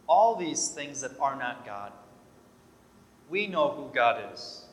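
A Catholic priest giving a conversational sermon, telling stories and acting out the voices in them. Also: male voice, mid-range voice, sing-song, takes it slowly, slight background noise. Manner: storytelling, acts out quoted voices, conversational. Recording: echoey church hall with long reverb.

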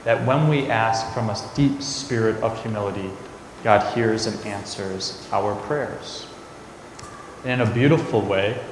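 A priest giving a conversational homily, telling a family story before turning to scripture. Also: male voice, lowish voice, background noise. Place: large church. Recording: echoey church recorded from afar.

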